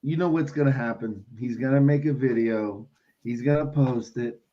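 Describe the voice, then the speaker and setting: A man's voice: mid-range voice, moderate pace. A man hosting a casual live stream, telling stories emphatically and cutting in with listen. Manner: storytelling, emphatic, says listen. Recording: slightly dull lo-fi sound.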